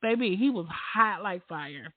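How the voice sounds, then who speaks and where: A woman hosting a casual podcast, an animated storyteller who laughs often and acts out the voices of the people in her stories. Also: mid-range voice, a little slow, no echo. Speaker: podcast host. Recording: tinny phone-like line, dry.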